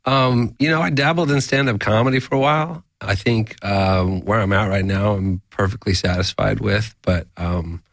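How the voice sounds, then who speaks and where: A man being interviewed about his camera work, talking in a relaxed, self-deprecating way. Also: lowish voice, normal speed, gravelly, hardly any pauses, no room sound. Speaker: guest, cinematographer. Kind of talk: casual interview chat.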